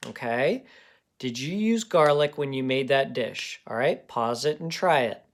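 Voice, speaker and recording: A man's voice: fairly high pitch, lively intonation, measured pace. A man teaching a recorded phonics lesson to young students. He talks patiently and encouragingly and sounds out words part by part.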